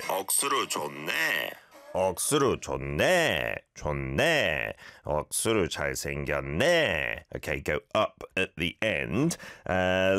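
A chatty man hosts a radio segment, walking listeners through phrases and reacting to their recordings. His voice sits very low but swings widely in pitch. The studio sound is dry and close. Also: fairly bright tone, dry recording. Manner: friendly, chatty, laughs at listener clips. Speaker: radio host teaching Korean phrases. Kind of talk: casual radio teaching.

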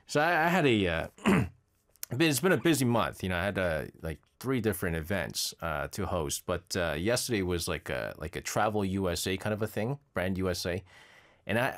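A man's voice: deep voice, lively intonation, normal speed, fairly bright tone. A male radio host in a studio, reading out listener messages in casual, rambling chat and laughing often. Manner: chatty, laughs often, loose with fillers.

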